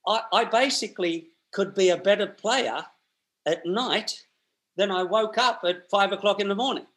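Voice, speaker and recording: Rambling man, higher-pitched voice. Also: normal speed, fairly bright tone. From Australia. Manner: rambling, restarts and repeats words, colloquial. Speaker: guest. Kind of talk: storytelling in a conversational interview.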